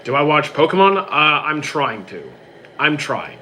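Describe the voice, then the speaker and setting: A young man hosts a live stream, reading viewers' questions aloud and answering each one fast and casually. His voice is bright and sits a little high for a man. A faint room hum runs under the recording. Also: very animated. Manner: quick, reads questions aloud then answers briefly.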